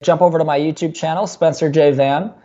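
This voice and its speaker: A young man rattles through his story at a rapid clip, stumbling over restarts and fillers as he goes. His voice sits mid-range, and the recording sounds a little dull and lo-fi. He talks like a podcast guest who is used to telling this tale. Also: on the high side. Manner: fast, animated storytelling with many fillers and restarts. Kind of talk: casual storytelling interview.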